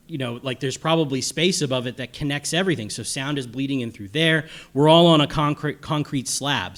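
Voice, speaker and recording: Chatty man lecturing a convention panel. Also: a little high. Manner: chatty and rambling, asks "okay?" and "right?" after points. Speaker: audio engineer giving a convention panel. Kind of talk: live panel lecture to an audience.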